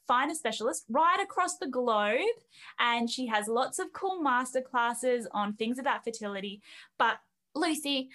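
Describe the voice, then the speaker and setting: A woman's voice: a little high, fairly bright tone. A woman with an Australian accent hosting a podcast interview in a bubbly, chatty way, laughing easily. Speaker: podcast host.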